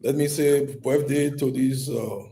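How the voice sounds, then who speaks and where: A man appearing as a government minister guest, speaking in a measured, formal way with hesitant fillers. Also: mid-range voice, fairly even intonation, vocal fry, dark tone, poor audio. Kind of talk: formal greeting on a talk show.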